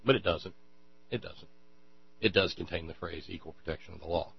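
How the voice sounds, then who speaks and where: A man's voice: fairly quick, gravelly, slightly rough. A man hosting a political talk show, giving mocking, scornful commentary over played clips. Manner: mocking, scornful, shouts in falsetto mockery. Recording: dull lo-fi audio with mains hum.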